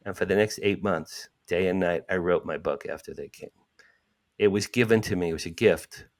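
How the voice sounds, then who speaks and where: Older guy telling a wild story, lowish voice, jumps way up when quoting. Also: normal speed. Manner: animated, acts out quotes with sudden jumps in pitch. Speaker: guest. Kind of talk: storytelling in an interview.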